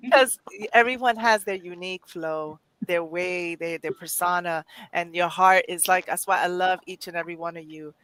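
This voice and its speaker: New York woman, host of a live stream, bright sharp tone, jokey and warm-hearted banter, on a video call. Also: lowish voice, moderate pace. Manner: playful, laughing often, tries on put-on voices. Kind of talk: casual live-stream chat.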